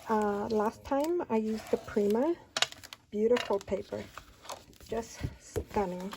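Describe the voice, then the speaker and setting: A woman's voice: medium pitch, takes it slowly. A woman hosting a casual paper-craft tutorial, chatting and counting aloud as she folds and cuts, recorded with noise and handling clicks. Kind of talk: casual hands-on craft demonstration.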